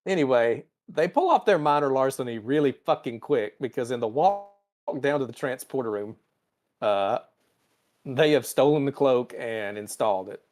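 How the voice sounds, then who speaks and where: A man's voice: mid-range voice, animated, a little mellow. A man hosting a podcast, casually recapping a TV episode in a profane, storytelling way. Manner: profane, storytelling with quick character voices. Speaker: podcast host.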